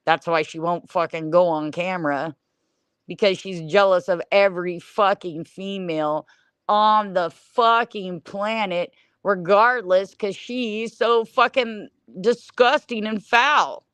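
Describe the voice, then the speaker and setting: A woman's voice: mid-range voice, slow, a bit bright, smooth, no echo. A middle-aged woman streaming a blunt, scornful rant, swearing in nearly every sentence. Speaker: livestreamer. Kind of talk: profane livestream rant.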